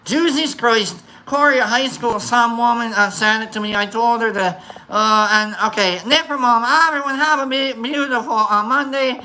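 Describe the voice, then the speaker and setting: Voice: medium pitch, pushed and bright, slight background noise, low-quality recording. A livestream host chatting casually and greeting viewers by name, rambling and playful, with many fillers and restarts. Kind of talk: casual chat reading viewer comments.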